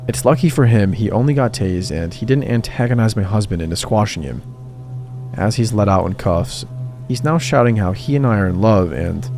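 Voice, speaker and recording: Gravelly man narrating over music. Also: fairly low pitch, dark tone. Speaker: horror story narrator. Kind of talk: scripted narration. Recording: music bed under the voice.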